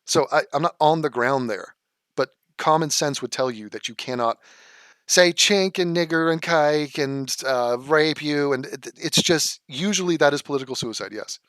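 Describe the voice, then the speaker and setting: A man hosting a live stream from his living room, reading viewer comments and replying in a heated, sarcastic rant full of swearing and drawn-out insults. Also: a little high, fairly bright tone, smooth, no echo, clean studio sound.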